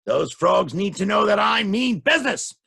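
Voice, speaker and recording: A grumpy, pompous storybook king barks his orders loud and slow, as a storyteller acts him out. The voice has a lively, gravelly rasp. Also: sits high, exaggerated voice. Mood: bossy. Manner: loud and bossy.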